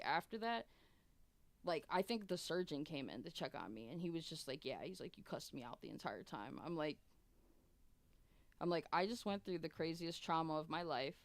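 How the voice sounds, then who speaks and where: A woman's voice: fairly low pitch, dry recording. A young adult woman streamer telling a long personal story in casual, profane, rambling chat with many restarts.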